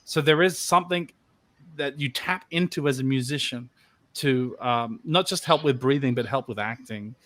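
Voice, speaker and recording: A man talking casually on a voice actor panel, rambling with fillers and restarts. His voice is bright and forceful, and it sounds close and dry. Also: mid-range voice, moderate pace, no echo. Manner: chatty, many fillers and restarts.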